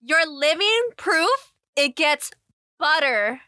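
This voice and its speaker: Giggly high-voiced woman podcast co-host. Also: animated, takes it slowly, bright, forceful tone, no echo, clean studio sound. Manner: giggly, playful, coaching a friend through phrases. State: tipsy. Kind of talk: casual podcast chat.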